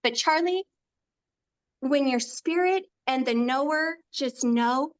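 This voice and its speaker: High-voiced, heartfelt woman guest. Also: takes it slowly. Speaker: podcast guest. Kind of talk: casual faith podcast chat.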